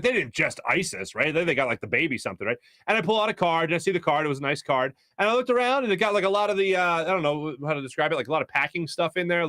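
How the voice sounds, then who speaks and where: Energetic sports radio host, dry studio sound. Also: male voice, on the high side, dry recording. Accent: Philadelphia. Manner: rambling storyteller, energetic, many restarts. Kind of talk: casual sports talk show monologue. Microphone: studio microphone.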